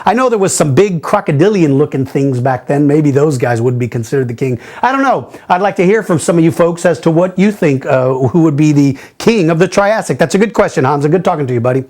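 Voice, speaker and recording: A man's voice: a little high, animated, a little fast, hardly any pauses, a little mellow. A middle-aged man hosting a casual question-and-answer video, friendly and jokey, thinking aloud with fillers. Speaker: host answering viewer questions.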